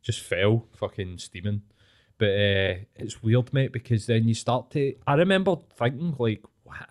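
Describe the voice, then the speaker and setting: Speaking in a mid-range, darkish voice at a measured pace, this late-30s man from Glasgow hosts a podcast. He swaps school stories, swears freely, and laughs a lot in his relaxed chat.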